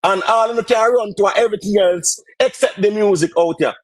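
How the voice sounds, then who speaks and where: High-voiced Jamaican man shouting rebuttals. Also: a little fast, no room sound. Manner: forceful, mocking, shouting rebuttals. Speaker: debate caller. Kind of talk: heated live stream debate.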